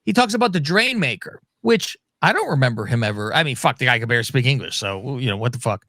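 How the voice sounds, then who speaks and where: Animated, swearing man recapping wrestling. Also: mid-range voice, fast, no room sound, clean studio sound. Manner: profane, animated recapping with quoted voices. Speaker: podcast co-host. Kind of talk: casual wrestling talk.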